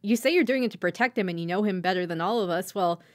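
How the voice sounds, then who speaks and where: A woman's voice: medium pitch, fast, dry recording, lightly acted. An earnest, loyal young man talking reassuringly, as a woman podcaster puts him on. His voice sits in a middle register and is recorded close and dry.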